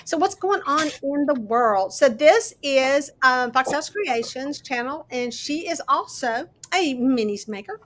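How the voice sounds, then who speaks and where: A woman's voice: high-pitched, expressive, a little slow, few pauses, fairly bright tone, slight background noise. A woman hosting a casual crafting livestream, chatty and sleep-deprived, thinking aloud and greeting viewers as they join. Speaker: host of a miniatures crafting livestream.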